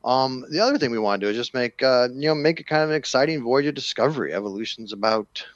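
A man being interviewed as a game developer, explaining in a relaxed way with plenty of "you know" fillers. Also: medium pitch, fast, no room sound, dull audio. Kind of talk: casual interview talk.

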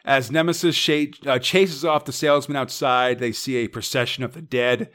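A man's voice: mid-range voice, fairly even intonation, moderate pace, a bit bright. A man co-hosting a podcast, recapping comic stories in a casual way with playful asides. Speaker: podcast co-host.

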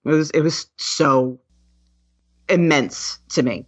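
A woman with a deep, slightly breathy voice takes her time as a podcast guest in a casual interview chat. She talks candidly and earnestly, restarting often, and the audio sounds dull and muffled.

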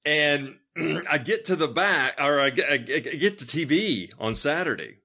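A middle-aged man hosting a podcast, telling road stories in a loose, animated way, with a lot of restarts and laughter. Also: fairly high pitch, moderate pace. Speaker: podcast host. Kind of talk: casual interview storytelling.

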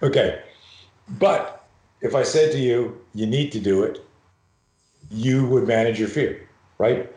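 A middle-aged man from Canada, a podcast guest, telling anecdotes in an animated, profane way, acting out voices as he goes. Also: mid-range voice, measured pace, long pauses, echoey room. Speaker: podcast guest, self-defense and fear expert. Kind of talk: storytelling in a podcast conversation.

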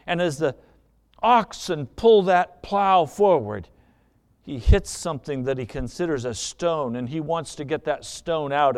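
A male pastor delivering a sermon in storytelling mode, painting the scene with dramatic flair. His speaking voice sits a little high for a man.

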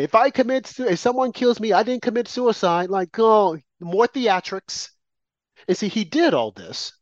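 A man's voice: high-pitched, no room sound. A man delivering an opinionated commentary monologue, emphatic and repetitive, with mocking asides. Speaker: political commentator. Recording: dry, slightly muffled lo-fi audio.

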